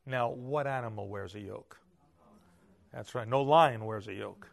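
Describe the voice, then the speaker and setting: Gravelly-voiced preacher man, loud to hushed. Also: lowish voice, a little slow. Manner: animated preaching, swings from loud emphasis to hushed asides. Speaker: pastor. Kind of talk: sermon.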